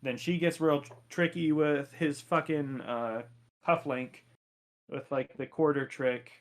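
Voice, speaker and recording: A man's voice: on the high side, fairly even intonation, measured pace. A man co-hosting a podcast, recapping an episode in casual, profane chat and laughing a lot. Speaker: podcast co-host.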